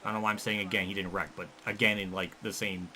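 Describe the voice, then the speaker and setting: A man giving frustrated, swearing commentary over a racing game, breaking into angry yells and running out of breath. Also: low-pitched, level tone, fast talker, slight background noise. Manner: frustrated, swearing, yelling in bursts.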